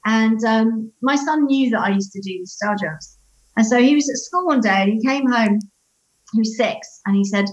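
A woman's voice: mid-range voice, moderate pace. A woman, a divorce coach guest in a casual interview, animatedly telling stories and acting out quotes. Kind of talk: conversational interview. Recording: slightly dull lo-fi sound.

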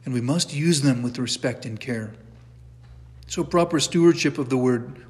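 A middle-aged man teaching a church catechism class in a conversational way, often restarting his sentences and adding asides. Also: mid-range voice. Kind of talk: informal church class lecture. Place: church hall. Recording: long echo of a church hall.

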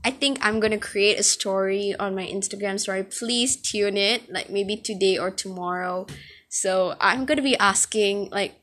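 A woman's voice: mid-range voice, moderate pace, fairly bright tone. A woman hosting a casual solo podcast from home, talking in a hesitant way and often tripping over her words. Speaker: podcast host.

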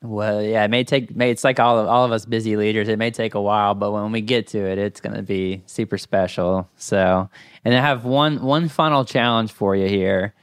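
An American man hosts a relaxed podcast chat, gushing with affection for his guest and tripping over restarts as he goes. His voice sits fairly low and sounds smooth and resonant. The sound is dry and close, with no room around it. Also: no echo. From United States. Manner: warm-hearted, effusive, halting restarts. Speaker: podcast host. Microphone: remote call.

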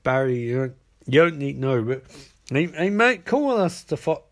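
A smug, wheedling male supervillain who mutters low and soft, stumbling over his words, as a man puts him on. It is a comic recap voice, lazy and halting. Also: very animated. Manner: mumbled, halting, lower and quieter.

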